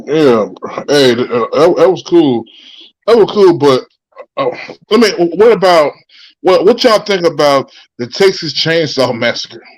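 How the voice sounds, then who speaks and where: A man's voice: fairly high pitch, expressive, unhurried, poor audio. A man co-hosting a casual wrestling chat, laid-back and slangy, asking his co-host questions.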